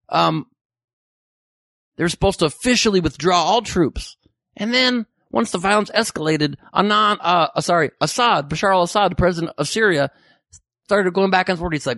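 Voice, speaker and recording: A man's voice: high voice, fairly bright tone, no room sound, clean studio sound. A man hosting a podcast, riffing sarcastically and profanely on news headlines. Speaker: podcast host. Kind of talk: comedic news commentary.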